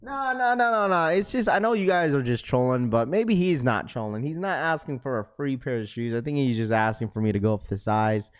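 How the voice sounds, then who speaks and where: A man hosting a casual livestream, chatty and laughing often as he gives shout-outs for donations. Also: medium pitch, expressive, brisk, few pauses. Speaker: livestream host.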